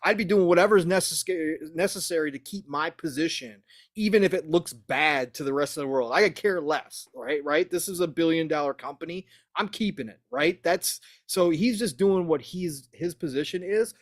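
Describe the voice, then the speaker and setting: A man hosting a gaming podcast in casual chat, animated and full of "uh" fillers. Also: on the high side, moderate pace, no echo, studio quality. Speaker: podcast host.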